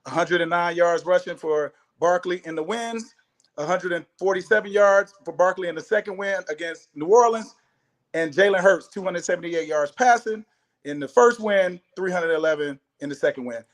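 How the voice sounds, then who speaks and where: A man's voice: high-pitched, moderate pace. A man in casual sports talk, making emphatic points and reeling off statistics. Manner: emphatic, listing stats, repeating points.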